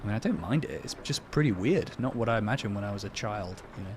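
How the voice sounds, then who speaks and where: Man, casual streamer chat, low-ish voice, steady vehicle rumble behind. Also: fast talker. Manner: chatty, self-deprecating, reads out and answers chat. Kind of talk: casual live-stream chat while playing a truck game.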